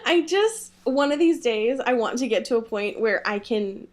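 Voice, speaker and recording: A woman co-hosting a podcast in an easy, chatty way. Her voice sits a little high and swings widely as she retells scenes. She giggles often and fills her talk with "like". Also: normal speed. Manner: giggly, animated retelling with lots of "like". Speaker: podcast co-host. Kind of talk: casual book-club chat.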